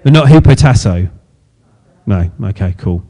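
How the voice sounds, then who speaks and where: A man's voice: fairly low pitch, expressive, normal speed, mellow. A man preaching a sermon in a chatty, self-deprecating way, laughing often at his own slips.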